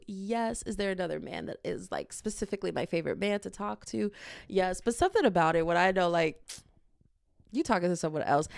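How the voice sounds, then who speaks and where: A woman's voice: mid-range voice, vocal fry, dry recording, clean studio sound. A young woman, hosting her podcast and telling a laughing, dramatic story about dating in a casual rant. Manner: animated, laughing, dramatic quoted asides. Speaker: podcast host.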